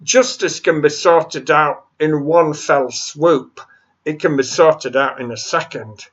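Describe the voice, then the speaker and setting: A man's voice: fairly high pitch, takes it slowly, husky. A man delivering an impromptu solo rant, exasperated and mocking, swearing freely. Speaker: solo ranter. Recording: dull lo-fi sound.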